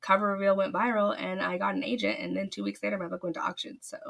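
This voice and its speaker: A woman's voice: medium pitch, fairly even intonation, fast talker, creaky, fairly bright tone. A woman author telling a long story in a casual podcast interview, gushing and rambling with many fillers. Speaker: author guest.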